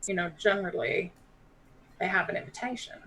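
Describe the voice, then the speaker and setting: A woman voicing a tall, proud drow noblewoman in a tabletop game, speaking in a measured, formal way. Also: mid-range voice, pushed and bright, a little hiss or hum, natural voice, low-quality recording. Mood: dry.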